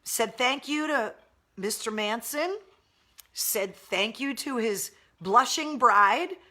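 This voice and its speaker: Bright, high-voiced woman telling a story. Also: slow. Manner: animated, blunt and profane storyteller. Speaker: radio DJ and show host. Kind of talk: casual storytelling on a live stream.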